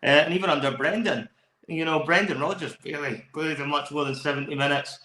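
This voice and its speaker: On a football podcast with a roomy echo, a Scottish man co-hosting gives lengthy, excited match breakdowns and clearly loves to talk. His pitch is fairly high and his tone sharp and steady, and he speaks fast.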